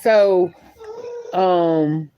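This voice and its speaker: A woman's voice: fairly low pitch, steady tone, extremely slow, muffled recording, a little hiss or hum. A woman telling a story in a casual vlog, chatty and rambling, often laughing and restarting her sentences. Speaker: YouTube commentator.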